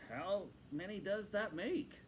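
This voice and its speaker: Badger: a man voicing a gruff kindly old badger. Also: sits high, slow, a little hiss or hum, voice pushed up. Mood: hearty. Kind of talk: storybook read-aloud.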